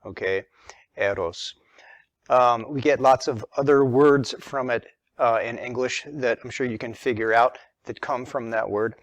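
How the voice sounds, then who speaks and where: A man's voice: mid-range voice, measured pace, no echo. A man teaching a religion lesson in a patient, methodical way, stressing key words as he explains.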